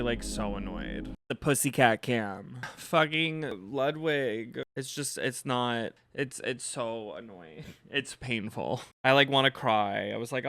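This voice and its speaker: A man streaming live gameplay from home, chatting with viewers, easily frustrated and prone to sudden shouts. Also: medium pitch. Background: game music.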